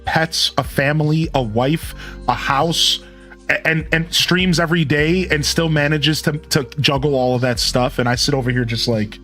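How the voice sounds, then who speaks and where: A man's voice: on the high side, normal speed, a bit bright, faint music behind. A man in his thirties rambling casually with his live-stream viewers, chuckling and thanking them by name. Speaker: game streamer.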